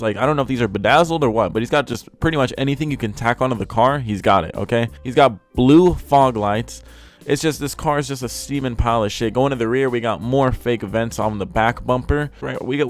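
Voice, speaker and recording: A young man reviewing cars in a casual, profane rant at home, swinging from flat disgust into loud exasperated outbursts. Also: mid-range voice. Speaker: car reviewer. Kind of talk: casual ranting commentary. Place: home room.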